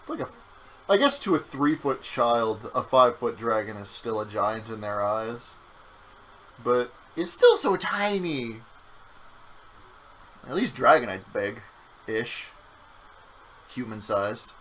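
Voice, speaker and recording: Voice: mid-range voice, lively intonation, unhurried, pushed and bright, slight background noise, low-quality recording. A young adult game streamer in casual gameplay chat, teasing and swearing often. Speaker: game streamer playing through the game.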